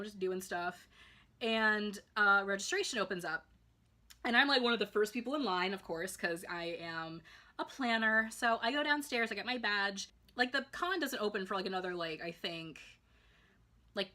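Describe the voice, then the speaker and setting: Bright-voiced chatty young woman vlogger. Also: mid-range voice. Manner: chatty, filler-heavy, excitable. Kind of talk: casual storytime monologue.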